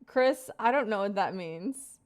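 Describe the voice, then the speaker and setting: A woman's voice: mid-range voice, lively intonation, unhurried. A young woman in her twenties chatting casually on a live stream, greeting viewers by name and rambling through stories.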